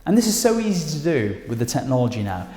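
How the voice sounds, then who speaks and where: A man with a British accent teaching presentation skills straight to camera, speaking emphatically with lively intonation. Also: mid-range voice, fast. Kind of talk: direct-to-camera instructional talk. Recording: echoey room with long reverb.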